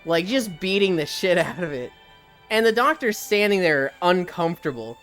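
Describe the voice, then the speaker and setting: A live streamer chatting casually while walking on a treadmill, reading chat aloud and telling stories with lively animation. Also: medium pitch, normal speed, soft background music. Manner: reads chat aloud and riffs, animated storytelling.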